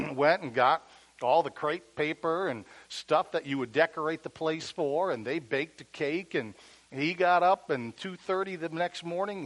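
A man's voice: a little high, low-quality recording. Man preaching through a story. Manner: animated, acting out voices, dropping to a hush at tender moments. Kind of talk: sermon storytelling.

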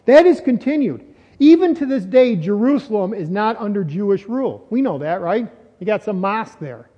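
A pastor with a high-pitched voice delivers a sermon in a loose, conversational way, posing questions to his listeners at a moderate pace with lively intonation. His words ring out with long reverb in a church hall, and the recording is dull and lo-fi.

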